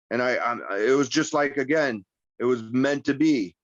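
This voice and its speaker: A man's voice: medium pitch, steady tone, brisk, no room sound. A man being interviewed as a wrestler guest, telling stories in a rambling, profane way and acting out the voices of the people he quotes. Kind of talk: casual interview storytelling. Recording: slightly muffled, dry recording.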